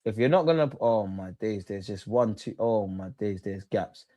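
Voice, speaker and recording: A man hosting a live football watchalong, reacting excitedly, swearing and talking to his chat and the players. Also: lowish voice, moderate pace, no room sound.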